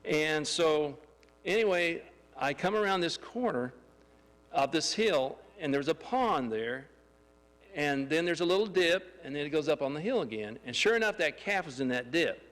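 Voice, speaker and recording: A man telling a lively testimony story in a church, excitable and laughing as he acts out the scenes. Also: a little high, moderate pace, in a large hall. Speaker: church member giving a testimony. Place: church sanctuary.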